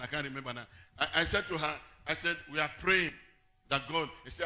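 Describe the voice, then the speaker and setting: Man, pastor, sermon, high pitch, sharp bright tone, sung and shouted phrases. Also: fairly quick. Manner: preaching with sung phrases and shouts, then drops to low storytelling.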